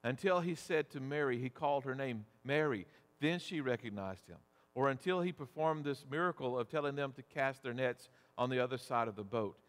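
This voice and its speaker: A man preaching a sermon as pastor, deliberate and measured, asking rhetorical questions. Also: medium pitch. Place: church sanctuary. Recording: long church reverb.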